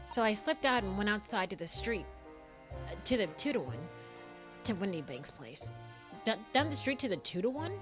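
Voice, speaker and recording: A woman voicing a young, scrappy street girl from London with a put-on cockney accent, telling her story in quick, nervous bursts. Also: mid-range voice, sing-song, music in the background, natural voice.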